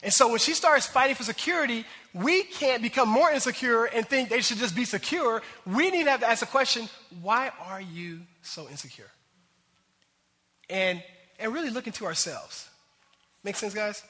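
A man preaching a sermon as pastor, animated and acting out voices as he talks. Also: very high-pitched, fairly quick, in a large hall.

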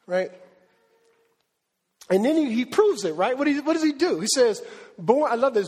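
A man preaching a sermon in a conversational, slangy way, building to animated emphasis in a large hall. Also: extremely high pitch, fairly quick, husky. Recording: long hall reverb.

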